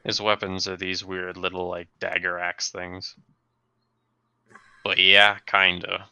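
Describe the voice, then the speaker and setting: A man running a tabletop role-playing game as game master, narrating the story for his players and sometimes dropping to a hush. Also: sits low, completely flat delivery, slow, clear, resonant tone, no echo, lo-fi sound. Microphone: desk mic on a live stream.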